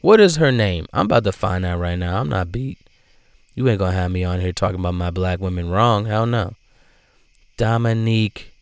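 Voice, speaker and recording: A man giving casual commentary in a profane, animated way, swinging between loud outbursts and low asides. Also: moderate pace, smooth, no echo. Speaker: vlogger.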